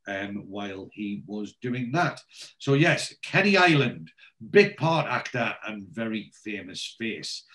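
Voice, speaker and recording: A man's voice: fairly low pitch, fairly bright tone. Chatty man recapping a show. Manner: chatty, storytelling, acts out scenes. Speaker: podcast host. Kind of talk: casual episode recap.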